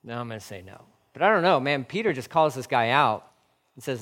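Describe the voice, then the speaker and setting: A man's voice: mid-range voice, sing-song, brisk, fairly bright tone, long reverb tail. A man preaching a sermon as a pastor, fired up, repeating his phrases and firing off rhetorical questions.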